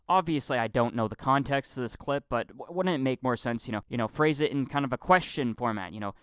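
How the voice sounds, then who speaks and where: A young man rants about film acting, stammering, repeating words and swearing freely. His voice is smooth and mid-pitched, recorded close and dry with no room sound. He keeps breaking into mocking impressions. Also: brisk, hardly any pauses, a bit bright, no room sound. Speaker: film commentary vlogger. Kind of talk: casual profane rant.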